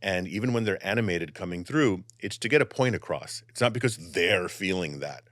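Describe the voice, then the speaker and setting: A man who is a psychic and channeler, talking in an animated, expressive way and easing into calm guided meditation. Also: deep voice, fairly quick, dry recording. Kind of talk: casual conversation and guided meditation.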